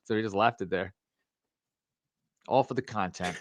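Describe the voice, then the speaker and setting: A man's voice: on the low side, normal speed, slight background noise. A man co-hosting a podcast, telling crude stories in casual chat, profane and laughing often. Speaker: podcast co-host.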